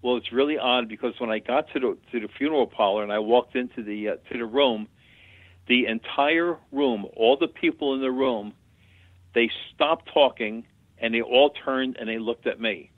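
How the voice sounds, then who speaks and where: A man's voice: medium pitch, normal speed, no room sound. Man telling stories over a phone line. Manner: chatty, plain-spoken storyteller. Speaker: guest medium. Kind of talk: telling anecdotes in an interview. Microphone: phone call. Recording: tinny dry phone line.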